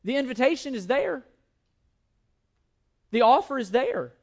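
Male pastor with a high voice, emphatic sermon delivery, repeats himself. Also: sing-song. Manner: emphatic, repeats words, shifts between slow reading and quick asides.

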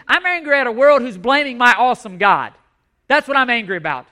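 A man's voice: very high-pitched, animated, fairly quick, pushed and bright. A male pastor preaching a sermon, impassioned and emphatic, repeating his key points.

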